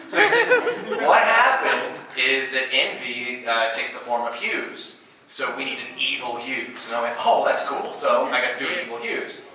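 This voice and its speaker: Animated middle-aged man telling panel stories. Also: mid-range voice, moderate pace. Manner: animated storyteller, laughs often, quotes others. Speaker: convention panel guest, voice actor. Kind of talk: anecdotal panel talk. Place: convention panel room. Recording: roomy hall recording from far off with noise.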